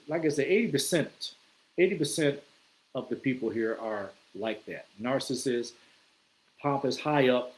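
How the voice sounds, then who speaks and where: A man's voice: mid-range voice, darkish tone, low-quality recording. A man talking casually to camera, telling stories in a loose, conversational way with plenty of swearing and acted-out reactions. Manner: acts out his own reactions in quoted asides. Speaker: vlogger. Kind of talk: casual storytelling monologue.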